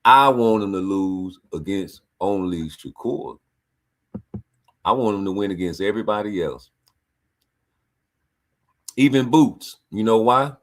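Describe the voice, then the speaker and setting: A man with a deep, low voice breaks down a boxing fight in casual commentary. He talks in blunt, profane street slang and calls back at the fighters as the clip plays. His delivery is animated throughout. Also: a little slow, pauses often.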